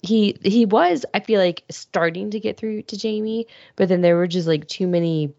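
A woman's voice: on the low side, normal speed, dark tone, dry recording, highs cut off. A woman co-hosting a podcast in casual chat, telling stories in a rambling way full of fillers. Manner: rambling, filler-heavy storytelling. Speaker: podcast co-host.

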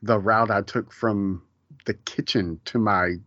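40s guy on a podcast, lowish voice, rambly, keeps cutting himself off, dry muffled mic. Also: fairly even intonation, a little slow, a bit bright, no echo. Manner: rambling, self-interrupting, laughs at his own retellings. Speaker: podcast co-host. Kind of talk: casual chat.

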